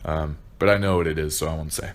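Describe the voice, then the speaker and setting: Young male reviewer, very deep voice, sarcastic and swearing in rapid outbursts. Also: steady tone. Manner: profane, sarcastic, bursts of exasperation. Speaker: video reviewer. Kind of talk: ranting review.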